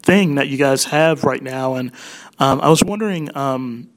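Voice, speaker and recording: A man's voice: mid-range voice, a little slow. A young man hosting a radio interview, talking enthusiastically with many ums and restarts. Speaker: radio show host.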